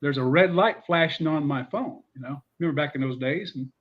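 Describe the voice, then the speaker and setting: A middle-aged man, a former football coach, telling stories in an animated way with many fillers. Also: a little high, fairly quick, husky, lo-fi sound. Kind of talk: casual storytelling interview.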